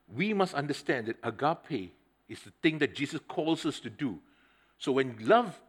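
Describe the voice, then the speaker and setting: Middle-aged guy preaching, chatty and animated, tells stories to the church, middle pitch. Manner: conversational, addresses the congregation directly; animated storytelling with swings in loudness. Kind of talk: sermon with personal anecdote.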